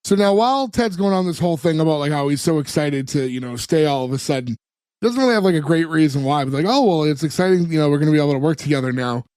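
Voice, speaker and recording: A man's voice: a little high, expressive, quick pace, a little mellow, clean tone, no room sound. Man retelling sitcom scenes, dry close mic. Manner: retells scenes, acting out the characters' lines. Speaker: podcast co-host. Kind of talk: casual chat recapping a sitcom episode.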